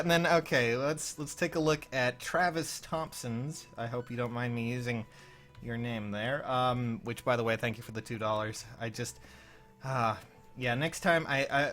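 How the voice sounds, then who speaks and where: A man's voice: mid-range voice, animated, moderate pace, fairly bright tone, soft background music. A man hosting a casual livestream, flustered and rambling, often laughing as he reviews viewers' game builds. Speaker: livestream host.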